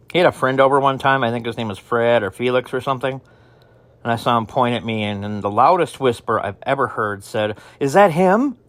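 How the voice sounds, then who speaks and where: A self-doubting survivor, voiced by a man speaks into a tape diary in an audio drama. He talks haltingly, stumbling and restarting often. His voice sits somewhat low. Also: a bit bright, natural voice. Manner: halting, with many restarts and fillers.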